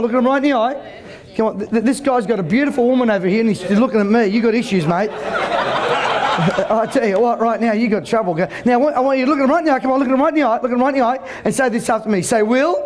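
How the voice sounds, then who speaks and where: A man's voice: extremely high pitch, very fast, darkish tone. A man giving a joking, brash motivational seminar to a live audience, stammering into restarts and ordering the crowd about. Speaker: motivational speaker. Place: event hall with live audience.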